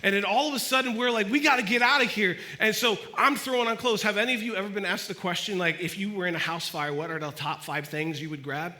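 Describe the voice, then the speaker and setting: A young man from Los Angeles speaking at a student church gathering, telling a personal story in a casual, animated way and acting out what people said. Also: high voice, quick pace, few pauses. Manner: casual, animated storytelling that acts out quoted voices. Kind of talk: storytelling sermon.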